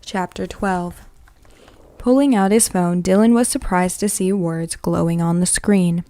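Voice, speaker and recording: A woman's voice: lowish voice, steady tone, a little slow, dark tone, no echo. A woman reading a novel aloud in a plain manner, with occasional slips that she corrects. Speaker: reader.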